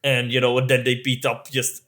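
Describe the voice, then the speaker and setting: A man's voice: medium pitch, monotone, a bit bright. A man co-hosting a casual film podcast, swearing and restarting his sentences often. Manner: halting, sweary, many restarts. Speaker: podcast co-host.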